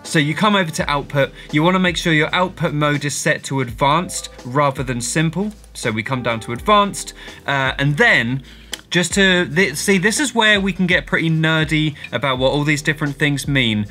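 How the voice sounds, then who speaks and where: A man's voice: fairly high pitch, moderate pace, sharp tone, soft background music. A man hosting a casual tech tutorial, upbeat and chatty, with slangy asides. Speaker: music streaming tutorial host.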